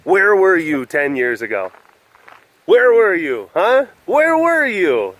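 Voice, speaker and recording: A man putting on a loud, boastful football superfan with a mocking tone. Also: sits high, very animated, slow, no room sound, voice pushed up, exaggerated voice. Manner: mocking, shouting, bragging.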